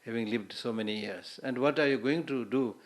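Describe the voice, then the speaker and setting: A man's voice: medium pitch, a little fast. Conversational male Buddhist teacher. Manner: conversational, repeats words, Hindi asides. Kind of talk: teaching lecture with stories.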